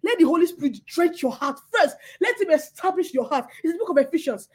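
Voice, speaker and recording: High-voiced woman preaching with passion. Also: lively intonation, brisk. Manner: impassioned, repeats words, laughs and breaks into near-crying. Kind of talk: sermon.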